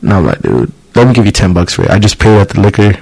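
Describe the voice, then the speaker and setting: Young male podcast co-host, gravelly, dry close sound, swears freely, animated storyteller. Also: on the low side, fast talker, dry recording, rough recording. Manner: profane, animated storyteller acting out quotes. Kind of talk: casual chat.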